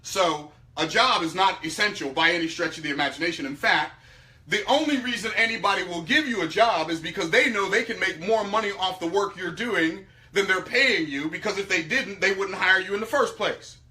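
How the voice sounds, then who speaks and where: An emphatic man with a high, bright voice tells a personal story to an audience. He swings from loud outbursts down to hushed, low asides. His delivery stays animated throughout. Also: fairly quick. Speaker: speaker teaching about money.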